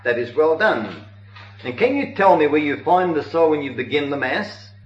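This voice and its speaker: A man reading the lines of a calm, pious Christian who questions with quiet irony, in a dull, roomy old recording. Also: on the high side, normal speed, natural voice. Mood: ironic. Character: calm, pious adult male Christian, ironic.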